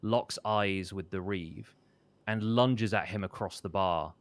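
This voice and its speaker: A man's voice: deep voice, takes it slowly, no echo. A man narrating a tabletop role-playing game as dungeon master, casual and filled with ums and restarts.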